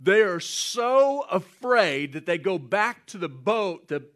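A man preaching a sermon, animated and often chuckling as he acts out scenes. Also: high-pitched, slow pace. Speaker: pastor.

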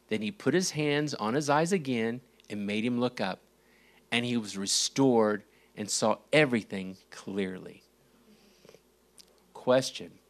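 A man preaching a sermon, reading scripture verses and asking rhetorical questions, with big dramatic swings in pitch and volume. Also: fairly bright tone. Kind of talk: sermon teaching.

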